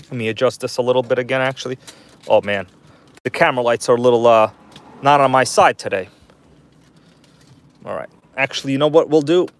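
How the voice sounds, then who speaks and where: A man's voice: mid-range voice, brisk, pauses often, smooth. A man hosting a casual livestream from inside his parked car at night, chatting loosely and greeting viewers by name. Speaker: livestream host. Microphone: phone.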